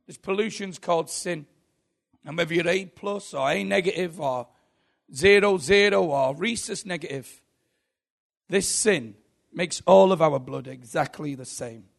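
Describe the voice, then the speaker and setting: Male preacher, slightly high voice with gravelly fry, emphatic rhythmic delivery, sermon. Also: measured pace.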